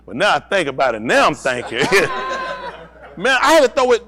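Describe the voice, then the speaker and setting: A man with a fairly high voice talks fairly quickly as he tells a personal story in a casual, animated way, laughing often and acting out what other people said.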